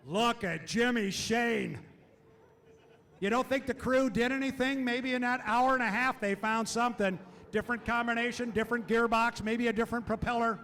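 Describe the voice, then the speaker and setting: A man calling live boat race commentary, excited and shouting as the action peaks. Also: very high-pitched, moderate pace. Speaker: race announcer.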